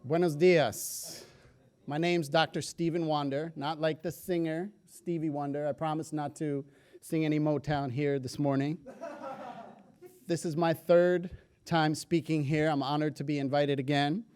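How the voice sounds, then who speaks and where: A man with a fairly high voice speaks to an audience from a stage. He delivers his talk as a story, full of humorous asides, with lively energy. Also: unhurried, clear, resonant tone. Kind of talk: public health talk.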